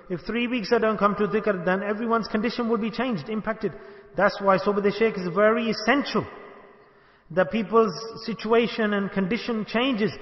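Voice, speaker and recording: A man giving a sermon, asking his listeners questions and acting out little dialogues. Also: high-pitched. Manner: rhetorical, asks the audience questions and acts out dialogue. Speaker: sheikh giving a religious talk. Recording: echoey hall, dull lo-fi sound.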